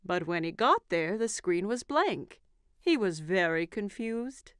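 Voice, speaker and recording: A woman narrating a children's cartoon in a gentle, expressive storytelling voice. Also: mid-range voice, takes it slowly, clean tone, dry recording, clean studio sound.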